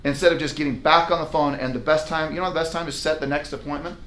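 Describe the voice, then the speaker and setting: A man with a slightly high voice talks fast as he runs a live sales training for real estate agents in a training room with a whiteboard. He's energetic and emphatic, acting out conversations with clients.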